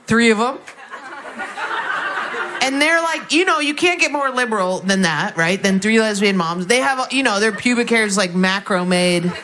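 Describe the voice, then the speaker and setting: A woman doing stand-up, telling stories in a dry way and mocking people with low, flat impressions. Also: moderate pace, a little hiss or hum. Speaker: stand-up comedian. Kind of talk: stand-up set. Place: comedy club stage.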